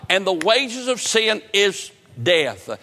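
A man's voice: high-pitched, big pitch swings, slow, pushed and bright, big-room sound. A man preaching a sermon with a fervent, repetitive cadence.

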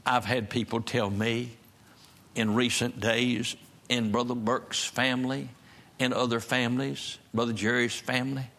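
Gravelly preacher man. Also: mid-range voice, level tone, measured pace, fairly bright tone. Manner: emphatic preaching, repeating key phrases. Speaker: pastor. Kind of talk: sermon. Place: church service.

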